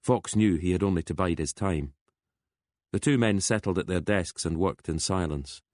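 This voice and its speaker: Deep-voiced man narrating a crime novel. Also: normal speed, darkish tone, no echo, clean studio sound. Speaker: audiobook narrator.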